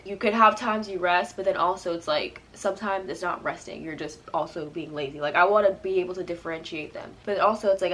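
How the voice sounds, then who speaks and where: Young woman in her twenties, tearful and rambling, casual vlog rant, camera mic at home, faint noise behind. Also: fairly low pitch. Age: early 20s. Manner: rambling, restarts sentences, many "like"s. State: tearful, crying at times. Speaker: vlogger.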